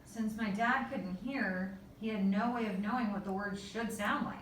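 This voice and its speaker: A woman reading a children's story aloud in a measured, unhurried way. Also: medium pitch, slight background noise. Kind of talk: storybook narration. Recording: echoey room, voice from far off.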